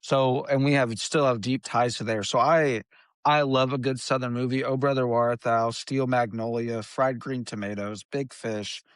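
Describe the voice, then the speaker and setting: A podcast co-host from Indiana, a man of middle pitch who talks in loose, rambling chat. He keeps restarting and hedging his sentences. His voice sounds dry, with no room echo. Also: fairly even intonation, normal speed, clean tone. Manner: rambling, trails off into restarts and hedges. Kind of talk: casual chat.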